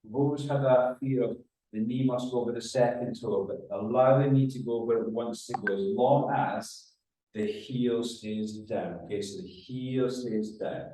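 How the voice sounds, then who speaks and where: A man leading a guided exercise class as a running rehab coach, giving calm cues and counting down reps. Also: mid-range voice, measured pace. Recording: very echoey room, mic far off.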